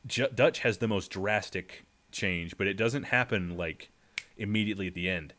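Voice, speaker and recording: A man co-hosting a podcast in casual chat, relaxed and rambling with lots of fillers. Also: fairly low pitch, moderate pace. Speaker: podcast co-host. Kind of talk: casual chat about a video game.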